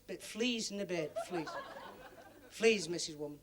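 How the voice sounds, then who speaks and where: A man's voice: high voice, measured pace. A male stand-up comedian firing off punchy one-liners. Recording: noisy 1970s TV studio with loud audience laughter.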